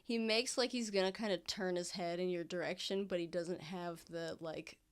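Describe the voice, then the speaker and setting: Lady gm describing a scene, kinda low voice, lots of likes and ums. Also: fairly even intonation, normal speed, smooth. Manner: loose, filler-heavy narration with many "like"s. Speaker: game master. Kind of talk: narrating a tabletop game.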